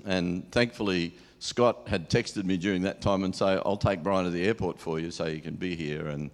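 A man's voice: sits low, moderate pace. Guy preaching loose and chatty, laughs a lot, big echoey church hall. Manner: chatty, laughs often, lively when telling the story. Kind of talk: informal sermon with storytelling.

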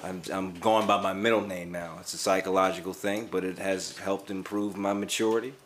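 A man's voice: low-pitched, steady tone, brisk, a bit bright, a little hiss or hum. A man, a guest on a casual podcast, talking in a wry, self-mocking way with formal wording and frequent laughs. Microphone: chewing candy near the mic.

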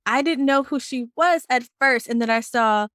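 A woman co-host gushing excitedly in an interview chat. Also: sits high, normal speed, smooth, dry recording, studio quality. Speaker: podcast co-host.

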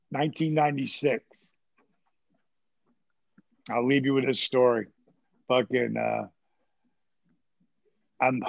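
Gravelly older man telling profane stories. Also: mid-range voice, dry recording. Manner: profane, animated, acts out quotes. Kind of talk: casual storytelling. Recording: dull, muffled audio.

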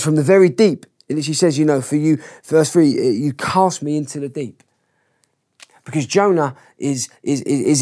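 Earnest man preaching, voice a bit high. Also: darkish tone. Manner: earnest, many restarts and repeated words. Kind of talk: sermon with scripture reading.

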